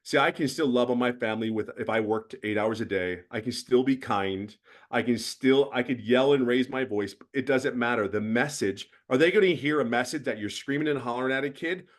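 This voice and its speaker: A man's voice: medium pitch, fairly quick. A middle-aged man giving a blunt, preachy motivational mentoring talk as guest host, with emphatic bursts.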